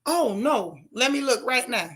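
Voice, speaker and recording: Lady livestreaming from her car, sassy and animated, crisp bright voice, reads chat out loud. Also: on the high side, measured pace. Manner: animated, sassy, talks straight to viewers. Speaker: livestream host. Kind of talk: casual livestream commentary, reading chat. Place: in a car while driving.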